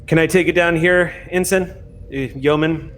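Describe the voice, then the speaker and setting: A man voicing a poised female Starfleet admiral, speaking politely and briskly in a tabletop game. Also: fairly low pitch, steady tone, a little hiss or hum, natural voice. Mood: curt.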